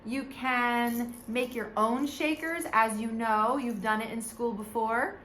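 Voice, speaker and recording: Female preschool music teacher, high and bright, unhurried, sing-song, echoey home room. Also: fairly even intonation, a little hiss or hum. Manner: sing-song teacher talk to small children. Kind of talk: online preschool music lesson. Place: home, seated in front of a camera.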